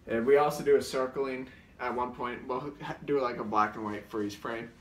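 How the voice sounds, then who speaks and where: Picked up by a distant mic with roomy sound and slight background noise, a comedian tells casual stories about his sketches. His voice is medium-pitched and steady at a normal speed, and he rambles, overuses "like," restarts frequently, and briefly imitates voices.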